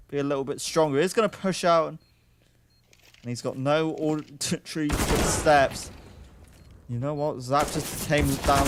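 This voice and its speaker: A man's voice: fairly high pitch, background noise. A young man casting a live esports match, calling the play and chatting in joking asides. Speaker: esports caster.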